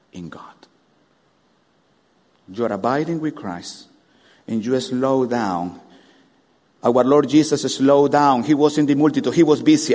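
A man preaching a sermon, animated, firing rhetorical questions at the congregation. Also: mid-range voice, breathy edge. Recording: long hall reverb.

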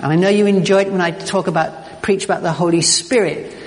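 A man's voice: high voice, fairly even intonation, a little fast. Man, pastor, sermon, emphatic, stumbling repeats, long echoing church reverb.

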